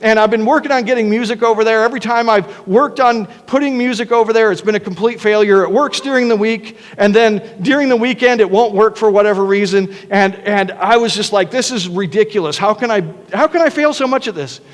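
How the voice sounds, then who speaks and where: In a church sanctuary, a pastor with a high voice preaches a sermon quickly, barely pausing, while a long reverb tail trails his words. He is earnest and conversational and frequently restarts what he's saying.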